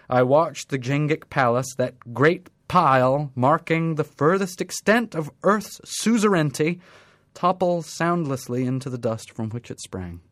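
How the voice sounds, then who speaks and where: A man's voice: mid-range voice, no echo, clean studio sound, lightly acted. Grand, formal robot narrator, loyal and grave, male reader doing the voice. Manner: stately, formal, declamatory.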